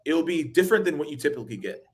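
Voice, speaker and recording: A man's voice: fairly high pitch, very animated, rapid-fire, slightly rough. A man hosting a webinar, explaining cold calling with energy, acting out calls and laughing often. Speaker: webinar host, sales trainer. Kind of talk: animated casual explanation.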